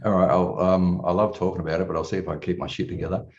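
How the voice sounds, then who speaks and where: A man's voice: low voice, little pitch movement, racing, a little mellow. A man in his forties telling his personal story as a coaching client, candid and rambling, with casual swearing. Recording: distant, dull room recording.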